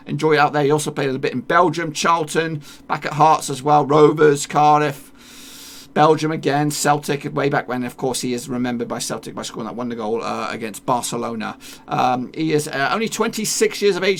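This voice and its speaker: A man's voice: fairly high pitch, gravelly. A man chatting casually through a football team lineup, rambling, with many fillers and restarts. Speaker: football video creator.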